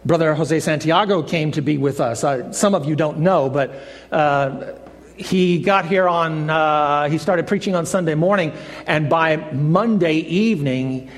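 A high-voiced male pastor delivers a sermon in a church hall with long reverb. Storytelling in a folksy way, he tells a joke and acts out its characters' voices.

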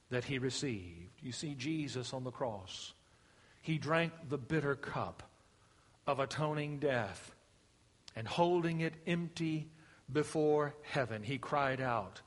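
A middle-aged man preaching a sermon, swinging from emphatic rises to hushed, slow passages. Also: fairly high pitch. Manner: emphatic preaching, rising and dropping to a hush. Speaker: pastor. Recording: long hall reverb.

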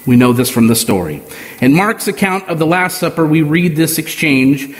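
Male preacher, slow and deliberate sermon delivery, slightly high voice, reverberant hall. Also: expressive.

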